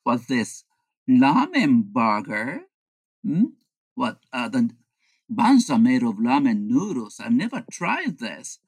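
A man's voice: medium pitch, huge pitch swings, slow, no room sound, voice pushed down, heavily acted. A woman voicing a young man who fakes terror of hamburgers while secretly munching them. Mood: greedy munching. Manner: shrieks in panic, then munches and chuckles. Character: young man Henry, sly glutton faking terror. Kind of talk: comic storytelling.

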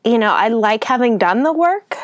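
A woman's voice: fairly high pitch, expressive, moderate pace, no echo. A woman in casual podcast chat, self-deprecating and laughing often, with lots of "like".

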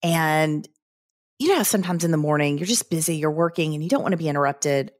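A woman's voice: sits low, quick pace, dry recording, studio quality. A woman, a guest earnestly recounting a personal story in a podcast interview. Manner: earnest, vivid recounting with quoted inner thoughts. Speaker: guest, credit union CEO.

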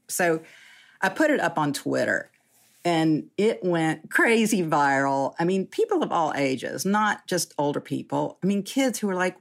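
A woman's voice: fairly low pitch, big pitch swings, measured pace, gravelly. A woman in her sixties telling her story casually as an interview guest, chatty and self-deprecating, often laughing.

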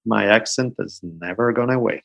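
A man in his forties speaks with a light Italian accent. His voice sits a little low, and he talks easily as a guest, with a dry, self-mocking humor. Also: normal speed, vocal fry. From Italy. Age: 40s. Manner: joking, self-deprecating, relaxed. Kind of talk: casual interview chat.

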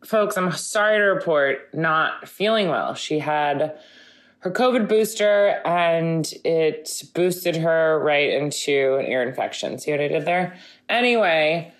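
A woman's voice: deep voice, slow pace. A woman hosting a podcast with a casual, rambling, joking solo intro, tired after a late night out. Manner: rambling, jokey. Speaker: podcast host.

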